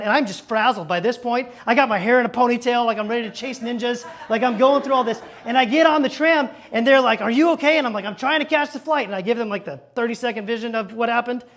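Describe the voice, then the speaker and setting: A pastor with a very high-pitched voice delivers a storytelling sermon from a church stage. He acts out each exchange in animated bursts and tosses quick asides to the congregation.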